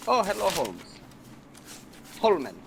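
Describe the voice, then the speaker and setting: Guy playing a stiff formal bounty hunter, stilted wording, kinda high voice. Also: huge pitch swings, slow pace, creaky, slight background noise, heavily acted. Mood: polite. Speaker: player.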